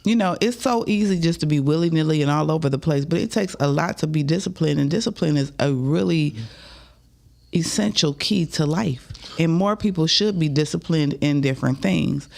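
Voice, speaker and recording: A woman's voice: low-pitched, moderate pace, gravelly, darkish tone. A woman co-hosting a casual morning show, upbeat with preachy asides. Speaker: co-host.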